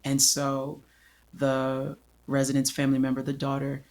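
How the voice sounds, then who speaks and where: A man's voice: medium pitch, monotone, a little slow. Male podcast host, earnest storyteller, mid-range voice, repeats himself for emphasis. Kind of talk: reflective solo podcast storytelling.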